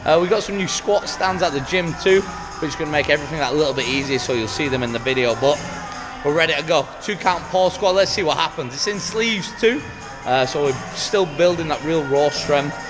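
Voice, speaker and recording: Relaxed man vlogging casually. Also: on the high side, fairly quick, music in the background. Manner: relaxed, rambling, many "uh" fillers. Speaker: powerlifting coach and vlogger. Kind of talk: casual vlog chat and voice-over.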